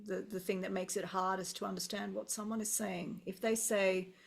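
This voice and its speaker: A middle-aged Australian English teacher chats on a casual video call with a mid-range voice, some vocal fry, and a normal pace. She's relaxed and thoughtful, musing aloud and often restarting sentences.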